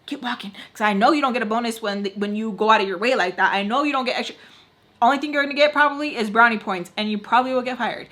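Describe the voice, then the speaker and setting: Bright, fired-up young woman ranting. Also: fairly high pitch, quick pace. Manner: heated, ranting, swears freely, fillers of "like". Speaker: beauty vlogger telling a story. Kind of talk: casual storytime chat.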